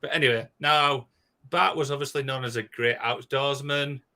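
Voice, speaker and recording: A man, co-hosting a casual podcast and recounting a strange disappearance, rushing through with frequent restarts. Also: mid-range voice, crowd noise. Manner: excitable, rushed, with many restarts and "obviously". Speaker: podcast co-host. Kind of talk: casual storytelling chat.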